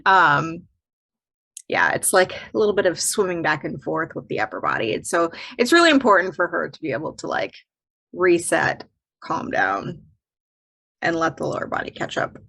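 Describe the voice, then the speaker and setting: Woman, co-host, animated pitch, chatty, laughs easily, searches for words. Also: normal speed, gravelly. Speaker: dance instructor co-host. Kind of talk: casual technical chat.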